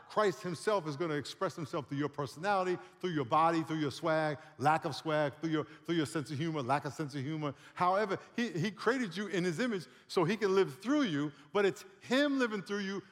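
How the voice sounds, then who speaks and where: A man in his sixties preaching in a church hall with a long reverb tail. His voice sits a little high for a man, and he talks in a lively, joking way. He stops to laugh and get the crowd to answer back. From San Diego area. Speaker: pastor. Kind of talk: sermon.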